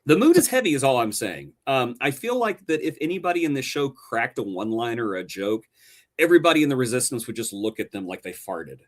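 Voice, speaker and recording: A male podcast co-host reviews a show in an animated, sarcastic way. His pitch moves widely, and his delivery turns theatrical for effect. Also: fast talker.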